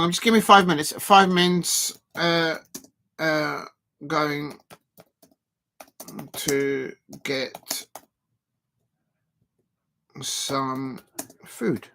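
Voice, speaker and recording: A man's voice: fairly high pitch, fairly even intonation, drawn-out words, creaky, pauses often, sharp tone, a little hiss or hum. A man hosting a live football watch-along, commenting in a rambling, hesitant way full of fillers.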